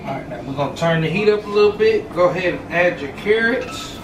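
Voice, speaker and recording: A man cooking in a home kitchen, calmly giving step-by-step instructions to his viewers. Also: sits high, a little fast. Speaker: home cook. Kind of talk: cooking demonstration. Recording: echoey room from a distance, noise.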